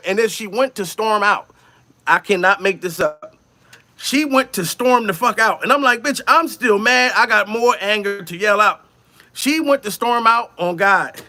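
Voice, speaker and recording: High-voiced profane male comedian storyteller. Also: no echo. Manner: profane, animated, acts out quotes in raised voices. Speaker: comedian, channel host.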